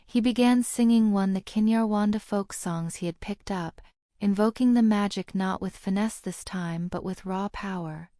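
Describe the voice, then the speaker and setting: A woman narrating a fantasy audiobook in a steady storytelling manner. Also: medium pitch, no room sound, studio quality. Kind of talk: scripted narration.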